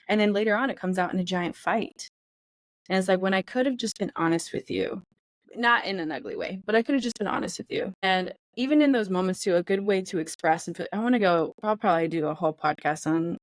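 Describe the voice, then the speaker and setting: A woman's voice: medium pitch, quick pace, dry recording. A woman co-hosting a podcast in casual chat, candid and profane, acting out feelings in quoted voices. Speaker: podcast co-host.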